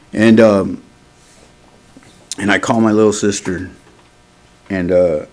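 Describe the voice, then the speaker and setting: A man's voice: lowish voice, fairly even intonation, slow pace, a little mellow. A man speaking at a recovery meeting, telling his own story in a candid, street-casual way. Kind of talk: personal recovery testimony.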